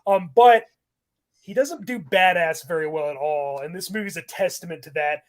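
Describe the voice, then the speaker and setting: A man's voice: high-pitched, moderate pace. A man hosting a casual podcast, rambling animatedly about films and laughing often as he talks. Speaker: podcast host.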